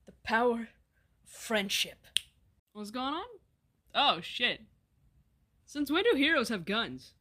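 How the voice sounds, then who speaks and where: A woman with a somewhat high voice plays out a comedy skit and trades roles in quick banter. Her delivery is dry and sarcastic, with casual swearing. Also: very animated, bright, forceful tone. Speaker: comedy sketch voice performer. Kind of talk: comedic dialogue skit, voicing several characters.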